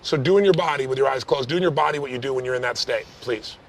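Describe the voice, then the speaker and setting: A man coaching someone live on stage, talking fast and pushing with direct, probing questions. His voice sits at a middle pitch, with faint noise behind it. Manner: intense, direct, coaxing questions.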